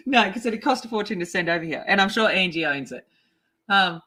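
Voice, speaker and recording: A woman's voice: medium pitch, brisk. Chatty woman greeting her chat. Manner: chatty, excitable, greets chat viewers by name. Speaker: art livestream host. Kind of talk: casual livestream chat while coloring.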